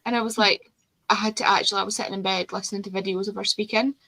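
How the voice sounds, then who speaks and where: A woman's voice: medium pitch, steady tone, racing, over a noisy crowd, low-quality recording. A woman hosting a casual chat with friends, rambling and ranting animatedly about audiobooks. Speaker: host.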